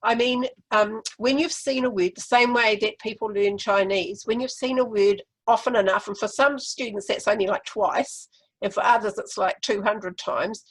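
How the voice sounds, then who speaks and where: A woman's voice: medium pitch, husky, low-quality recording. A woman with a New Zealand accent presenting a literacy webinar, explaining classroom activities step by step.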